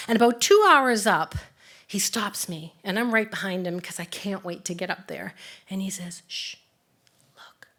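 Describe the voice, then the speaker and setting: Animated woman telling a live story. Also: mid-range voice. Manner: vivid, animated, swings from hushed to excited.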